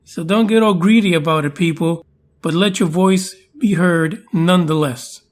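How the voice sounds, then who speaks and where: High-voiced joking podcast host man. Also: moderate pace. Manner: jokey, chatty, playful asides. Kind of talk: casual podcast chat.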